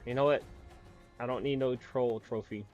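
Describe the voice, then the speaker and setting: A man's voice: mid-range voice, fairly even intonation, normal speed, a little mellow, highs cut off, soft background music. A man with a cold, chatting to viewers in exasperated, casual gameplay commentary. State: sick, voice lower than usual. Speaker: gaming streamer.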